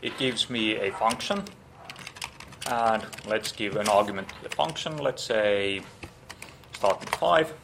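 Gravelly man giving a live coding lecture. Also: fairly low pitch, measured pace, noisy background. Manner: thinking aloud with many fillers and restarts.

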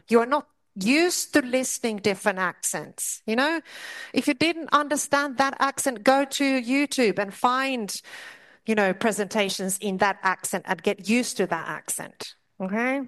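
Chatty woman lecturer with fillers. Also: a little high. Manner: lively, direct and chatty, with many asides and fillers. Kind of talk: classroom lecture.

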